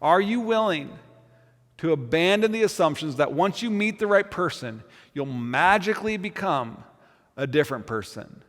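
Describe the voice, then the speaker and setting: A man with a bright, high voice delivers a sermon. He speaks earnestly and often doubles back on words as he builds toward a point. His voice rings with the long reverb of a large hall. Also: animated, normal speed. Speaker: pastor.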